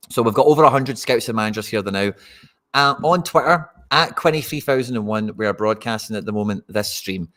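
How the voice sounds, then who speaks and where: A man's voice: mid-range voice, fairly bright tone. A Scottish man hosting a live fantasy football stream, chatting casually and talking straight to his viewers. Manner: chatty, addresses viewers directly.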